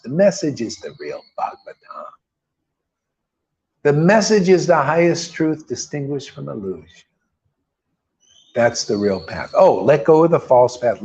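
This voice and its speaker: A middle-aged spiritual teacher delivers an informal scripture sermon, emphatic, full of rhetorical questions and repeated key words, and he keeps calling listeners "man." His voice is medium-pitched with a darkish tone, on a dull lo-fi recording.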